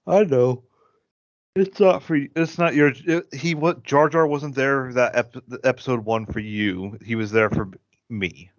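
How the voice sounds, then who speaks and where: A man's voice: mid-range voice, a little slow, dry recording. A man with a Midwestern American accent, co-hosting a podcast and telling long rambling fan stories. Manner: enthusiastic fan, rambling storyteller. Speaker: podcast co-host. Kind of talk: casual chat. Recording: dry, dull lo-fi podcast audio.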